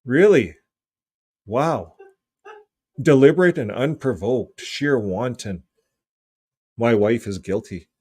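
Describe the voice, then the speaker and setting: A man hosting a casual video, reading from a book and joking, clearing his throat often, with his voice getting hoarse. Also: mid-range voice, animated, a little slow, a little mellow, no echo. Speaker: video host.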